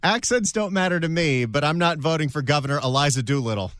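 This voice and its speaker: A man's voice: on the high side, quick pace, a bit bright, no echo, clean studio sound. A man co-hosting a radio call-in show, cracking jokes between calls. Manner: wisecracking.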